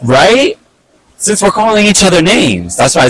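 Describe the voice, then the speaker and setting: A young man casually telling a personal story on a vlog, animated and exasperated, with lots of fillers and swearing. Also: sits high, moderate pace, low-quality recording. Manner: animated, fed-up retelling full of fillers and swearing.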